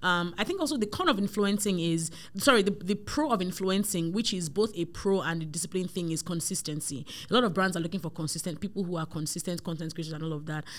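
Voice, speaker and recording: A woman's voice: on the low side, quick pace, hardly any pauses. A young woman chatting as a podcast guest, telling stories animatedly with plenty of fillers. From Nigeria. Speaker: guest, tech influencer. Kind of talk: casual conversation.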